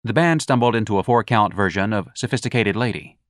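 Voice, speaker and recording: A man with a lower voice narrates a novel as an audiobook reader, telling the story expressively at a brisk pace. The scripted narration is recorded dry, with studio quality.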